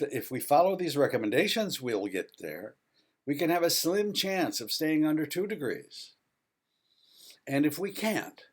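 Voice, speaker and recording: A man presenting his book in a spoken video lecture, reading out a list with emphatic, wry asides. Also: medium pitch.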